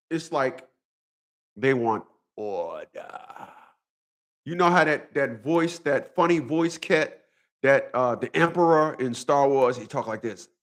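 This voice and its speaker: A man vlogs to his audience in a fairly high, fairly bright voice. His casual monologue is full of profanity and repetition, delivered like a preachy story.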